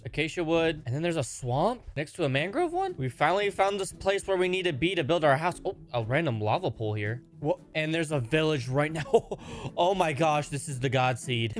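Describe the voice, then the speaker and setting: Excitable young man narrating gameplay. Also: a little high. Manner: excitable, jokey, quick exclamations. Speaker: gaming YouTuber. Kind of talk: Minecraft gameplay commentary. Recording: voice-over with music behind.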